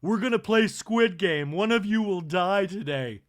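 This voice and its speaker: A man voicing a playful, prankish, middle-aged rich socialite woman in a sing-song, breathy voice. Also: high voice, expressive, measured pace, pitched above the performer's own voice.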